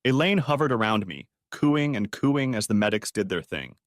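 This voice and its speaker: An older man narrating a first-person audiobook story in a steady, even way. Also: lowish voice, normal speed, dry recording, clean studio sound.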